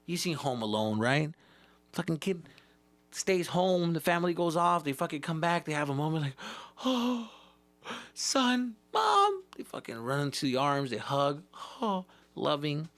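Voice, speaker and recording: A man, a comedian hosting his own podcast, tells profane, animated stories from his childhood and acts out the scenes as he goes. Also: fairly high pitch, normal speed, no echo. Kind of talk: profane comedic storytelling monologue.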